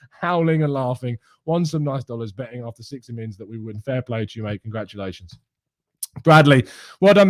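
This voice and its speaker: A man's voice: medium pitch, no echo, studio quality. A young man hosting a fan live stream, giddy and mocking, laughing often as he reads out chat messages. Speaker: fan channel host reading live chat.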